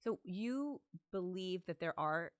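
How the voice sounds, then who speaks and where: A woman's voice: fairly low pitch, animated, slow, clear, resonant tone, no room sound. A woman co-hosting a conversation, asking curious, engaged questions. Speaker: podcast co-host. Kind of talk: conversational interview.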